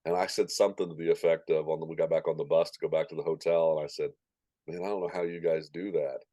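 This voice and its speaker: Announcer guest in his forties, low and mellow, animated storyteller, dry close mic. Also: fast talker, no echo. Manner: animated anecdotes, acting out quoted voices. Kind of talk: casual interview storytelling.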